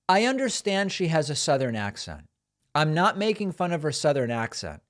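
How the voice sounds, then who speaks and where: Guy in his 30s live streaming politics, super lively up-and-down voice, reads chat and mocks the clips in disbelief. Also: fairly high pitch. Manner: incredulous, mocking, reads viewer comments aloud. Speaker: political commentary host.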